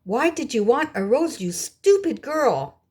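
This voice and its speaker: Brief: woman playing jealous storybook sisters, shrill and scolding, slow. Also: expressive. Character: spiteful older sisters, young women.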